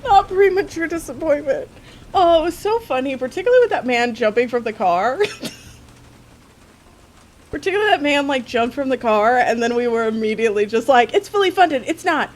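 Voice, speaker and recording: A woman's voice: sits high, a little fast. A young woman live-streaming a game, chatting casually, laughing a lot and swearing. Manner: giggly, animated, swears. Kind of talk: casual live-stream chat over gameplay.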